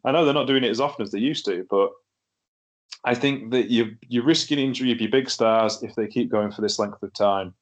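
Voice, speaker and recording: A chatty man talks through a wrestling show in a casual podcast review. His delivery is wry, he laughs easily, and his voice sits at an ordinary mid pitch. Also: fairly quick. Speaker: podcast host.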